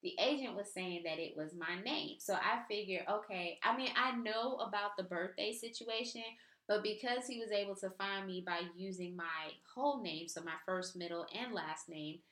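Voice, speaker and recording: A woman's voice: medium pitch, normal speed, fairly bright tone. A woman casually recounting an everyday story in a chatty, exasperated way, with lots of fillers. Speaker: vlogger. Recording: roomy echo.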